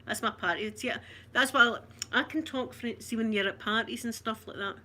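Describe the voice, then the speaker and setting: This Glaswegian woman speaks fairly quickly, with a fairly high pitch and a sharp tone. Hosting her ASMR channel, she keeps up a casual, playful chat with viewers, broad, chatty and giggling often.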